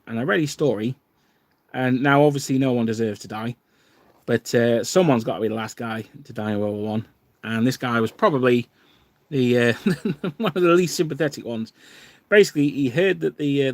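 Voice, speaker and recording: A man's voice: medium pitch, no echo. A man hosting a livestream, chatting casually and rambling with many fillers and restarts. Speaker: wargaming channel host.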